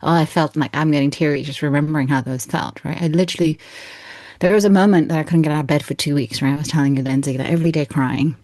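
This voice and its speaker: A woman's voice: sits low, steady tone, fast, darkish tone, dry recording. A woman in her thirties, a coach speaking earnestly and expressively as an interview guest, often laughing. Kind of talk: heartfelt interview talk.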